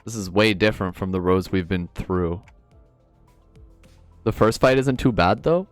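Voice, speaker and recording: A man's voice: deep voice, measured pace, dry recording, soft background music. A man streaming a video game, chatting casually and reading the on-screen dialogue aloud.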